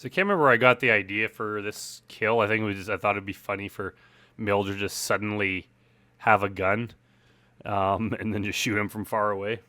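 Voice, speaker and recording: A man giving a relaxed, rambling director's commentary on his film, full of fillers like "like" and "uh". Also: lowish voice, brisk, faint music behind.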